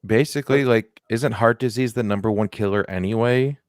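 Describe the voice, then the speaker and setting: A young man co-hosting a comedy podcast, telling stories in a joking, deadpan way and swearing freely. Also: lowish voice, fairly quick, clear, resonant tone, no room sound. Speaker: podcast co-host. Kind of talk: casual comedic chat.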